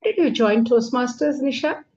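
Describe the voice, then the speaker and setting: A woman hosting an online interview, asking questions in a gentle, hesitant way over a video call. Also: high voice, moderate pace. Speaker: interview host. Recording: muffled call audio.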